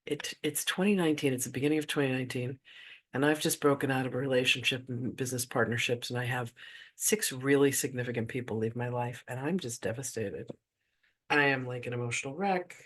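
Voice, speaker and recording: A man's voice: medium pitch, fairly bright tone. A man telling a personal spiritual story in a casual, chatty way, full of "like" asides. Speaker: spiritual teacher.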